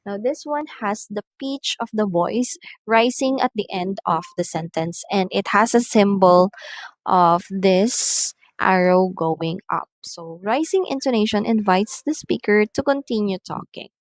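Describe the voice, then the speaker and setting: Slow-spoken woman teaching a lesson. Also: mid-range voice, dry recording. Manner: reads numbered example sentences aloud; says "so" at the start of many lines. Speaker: English teacher. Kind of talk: recorded lesson explaining intonation.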